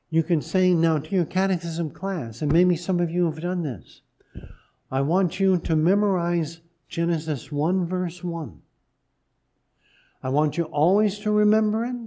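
A man preaching a sermon as pastor, speaking gently and deliberately with pauses and restarts. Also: on the high side.

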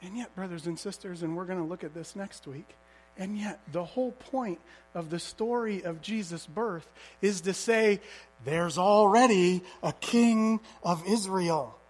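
A man's voice: high voice, moderate pace, darkish tone. A man preaching a sermon as a pastor, telling stories vividly and asking the congregation rhetorical questions.

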